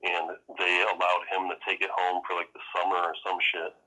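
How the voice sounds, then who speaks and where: A very deep-voiced man with a bright, husky edge tells stories in a loose, rambling way, cursing constantly and breaking into laughs. It is relaxed casual podcast chat. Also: fairly quick, poor audio. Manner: rambling, profane, laughs often, acts out quotes. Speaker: podcast co-host.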